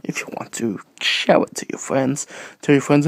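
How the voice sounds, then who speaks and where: A man's voice: medium pitch, normal speed, gravelly, no echo. A man with a cough talks in a rambling, easily distracted way, drifting into whispers as he addresses viewers of his video blog. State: sick with a cough. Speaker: video blogger. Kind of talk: rambling casual monologue. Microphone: phone camera.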